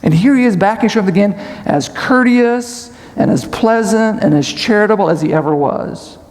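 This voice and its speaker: A man's voice: high voice, moderate pace, a little mellow, long reverb tail. A man preaching a Bible study sermon at a conference, asking the audience questions and explaining step by step. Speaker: conference speaker. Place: large conference hall.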